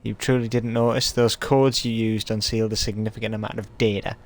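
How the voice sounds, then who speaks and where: A man's voice: lowish voice, flat delivery, fairly quick, close to an everyday voice. A man reading a cold woman android. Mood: condescending. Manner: reads the lines plainly, without a put-on voice. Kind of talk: live-streamed story reading.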